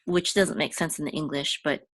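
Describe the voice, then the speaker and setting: A woman teaching biblical Hebrew, patiently sounding out letters and vowels and repeating words slowly for learners. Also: low-pitched, steady tone, dry recording.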